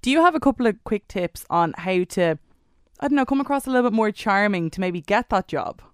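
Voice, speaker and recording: An interview host asking quick, casual questions with fillers. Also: mid-range voice, animated, clean tone, no room sound, studio quality. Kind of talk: conversational interview.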